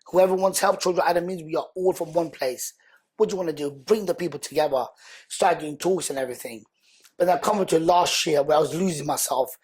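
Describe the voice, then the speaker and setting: A man, a guest on a podcast, telling his life story in an earnest, animated, conversational way. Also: on the high side, fast talker, breathy edge. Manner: animated, earnest, acts out quoted speech loudly.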